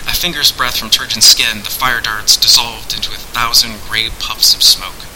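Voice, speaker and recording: A man narrating a fantasy story aloud in a measured, dramatic way. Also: medium pitch, steady tone, sharp tone, slight background noise, low-quality recording.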